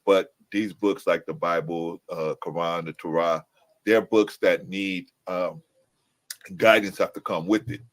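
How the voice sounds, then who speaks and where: A man speaking as a panelist in a casual debate, halting and searching for his words. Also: deep voice, steady tone.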